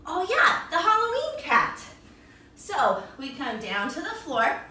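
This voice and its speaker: A woman's voice: high voice, huge pitch swings, slow, pushed and bright, slight background noise. A woman guiding a children's yoga class with a storybook, in a playful, encouraging, sing-song way. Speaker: kids yoga teacher. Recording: echoey room, voice from a distance.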